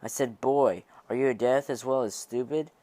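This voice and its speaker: A man reading the lines of a gruff, scornful stooped old man with a nasal tenor, in an amateur audiobook reading. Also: medium pitch, normal speed, dark tone, dry recording, lightly acted. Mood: gruff scolding. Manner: scolding, mocking.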